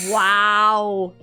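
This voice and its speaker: A woman's voice: mid-range voice, sharp tone, clear, resonant tone. A woman running a tabletop game as game master, narrating in a giggly, chatty way.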